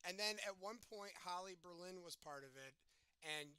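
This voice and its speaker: Host, young man, high bright voice, rambling giggly storyteller, dry close sound. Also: normal speed, clear, resonant tone, no room sound. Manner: rambling, giggly, filler-heavy retelling. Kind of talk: casual storytelling.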